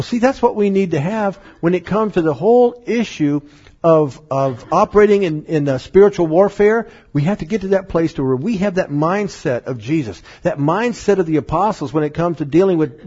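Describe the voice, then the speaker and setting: A man preaching a sermon to a congregation, lively and often acting out voices in his stories. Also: sits high, breathy edge, dull audio. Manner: animated, acts out voices in stories, laughs often. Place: church meeting room.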